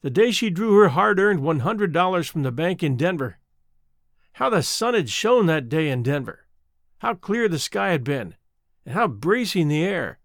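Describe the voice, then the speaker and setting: Man, storybook narration, expressive, high voice, dry recording. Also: no room sound. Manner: expressive, measured reading.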